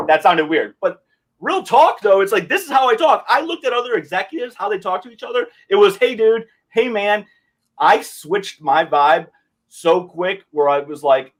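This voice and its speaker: A man's voice: high voice, low-quality recording. A young man chatting casually on a podcast, laid-back, full of slang and swearing. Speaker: podcast host. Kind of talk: casual chat.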